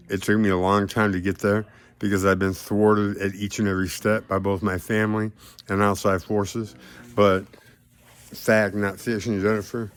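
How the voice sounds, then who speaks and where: A man rambling grandly in a direct-to-camera monologue, drifting between loud declarations and low mumbles. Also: smooth. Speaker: vlogger addressing a celebrity.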